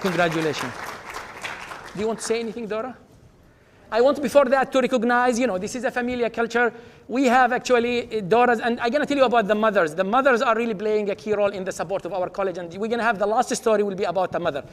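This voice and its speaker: Speaking fast, a high-pitched male dean emcees an awards ceremony in a large auditorium, his voice reverberating over the crowd. He keeps things upbeat, announcing each honoree and leading the applause.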